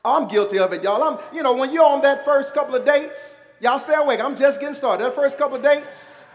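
High-voiced preacher in an echoey church. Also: male voice, fairly quick. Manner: call-and-response, emphatic, conversational. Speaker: pastor. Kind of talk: sermon.

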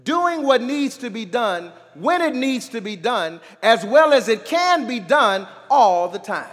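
A man preaching a sermon as pastor, calling on the congregation to answer back and swinging between quiet talk and shouting. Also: extremely high pitch, very animated, measured pace, big-room sound.

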